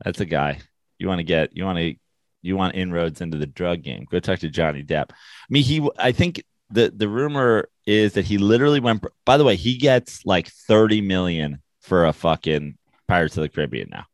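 A man's voice: low voice, expressive, a little fast, dry recording. A man co-hosting a casual sports podcast, sarcastic and joking. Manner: sarcastic, joking, does mocking voices. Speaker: podcast co-host.

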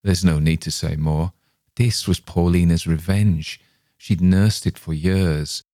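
A man's voice: low voice, steady tone, takes it slowly, mellow, no room sound, studio quality. A man voicing a grim male storyteller who recounts a horror with ghoulish relish.

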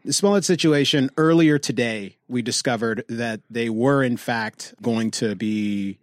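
A man with a mid-range voice, making wry, deadpan remarks in casual podcast banter. The sound is dry and close-miked. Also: medium pitch, unhurried, dry recording. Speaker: podcast co-host.

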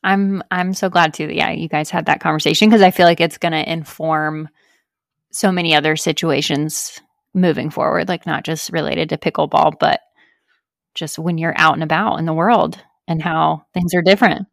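A woman hosting a casual podcast with a very low voice and a gravelly edge. She backs up her guest and asks thoughtful follow-ups. The sound is close and dry. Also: steady tone, moderate pace, no echo. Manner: supportive listener, asks follow-up questions. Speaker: podcast host. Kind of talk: casual chat.

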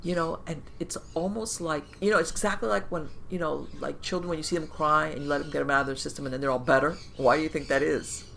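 A woman podcast host giving conversational advice, animated and talking in loose run-on phrases full of fillers, often acting out inner voices. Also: low-pitched, quick pace, creaky, few pauses, a little hiss or hum. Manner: animated, acts out inner voices and quoted thoughts.

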